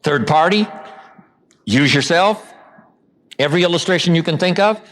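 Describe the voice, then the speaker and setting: A motivational speaker delivers a seminar lecture with a fairly bright tone. He tells stories and performs the lines he quotes, slowing down and dropping his voice low to stress a point.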